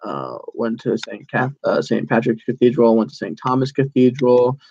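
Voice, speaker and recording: A man's voice: medium pitch, normal speed, gravelly, a little mellow, dull audio, slight background noise. A young man in his twenties hosting a casual solo podcast, rambling through stories with lots of "like"s and self-corrections. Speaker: podcast host.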